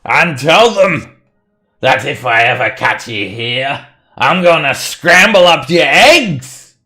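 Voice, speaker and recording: A man voicing a brave, one-armed male dwarf miner who blusters gruffly. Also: low voice, drawn-out words, a bit bright, heavily acted. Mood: bellowing.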